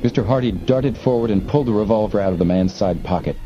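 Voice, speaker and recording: A man narrating an audiobook in a measured, steady manner. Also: fairly low pitch, dull audio, noisy background. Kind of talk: scripted narration.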